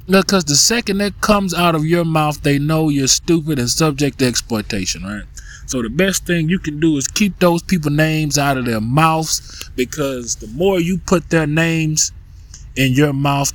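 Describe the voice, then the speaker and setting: A man's voice: mid-range voice, no room sound. A man hosting a podcast, talking bluntly in a casual monologue, swearing, restarting his sentences and filling gaps with "you know" and "right". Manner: blunt, profane, many restarts and fillers. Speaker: podcast host.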